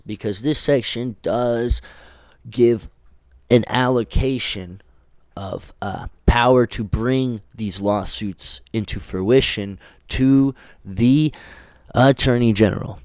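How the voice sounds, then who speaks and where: Man, podcast host, low clear voice, dry close sound, rambling casual commentary, full of fillers and restarts, reads legal text aloud. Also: a little mellow, dry recording. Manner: swears casually.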